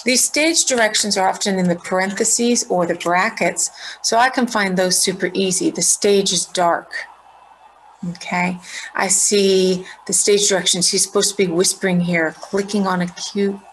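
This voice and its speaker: A middle-aged woman teacher giving a recorded lesson, explaining clearly and checking in with students. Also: medium pitch, fairly even intonation, moderate pace, a little hiss or hum, poor audio.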